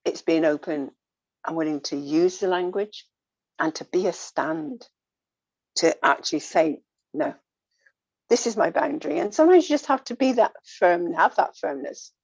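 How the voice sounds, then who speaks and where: A woman talking earnestly in a casual reflective way, coaching gently and repeating her phrases. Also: lowish voice, animated, normal speed, dry recording. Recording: dull lo-fi dry sound.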